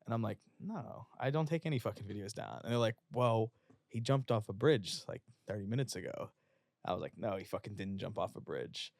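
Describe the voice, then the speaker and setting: A man's voice: on the low side, brisk, vocal fry, no echo, studio quality. A young man from West Virginia, a fitness influencer, telling stories in a casual, profane way and acting out the people he quotes. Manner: profane, animated storyteller who acts out quotes. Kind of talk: casual storytelling. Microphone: podcast studio microphone.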